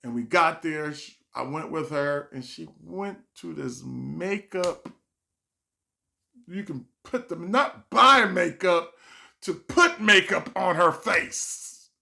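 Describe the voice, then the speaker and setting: A man's voice: on the high side, takes it slowly, creaky, pushed and bright. A man, a stand-up comedian, telling a rambling personal story with restarts and self-corrections. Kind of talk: casual storytime vlog.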